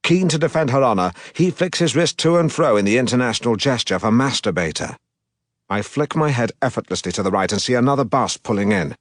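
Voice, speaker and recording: A man reading an audiobook as a pompous, self-regarding middle-aged broadcaster, in a deadpan, self-important manner. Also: mid-range voice, fast talker, no echo, clean studio sound, lightly acted. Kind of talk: audiobook narration.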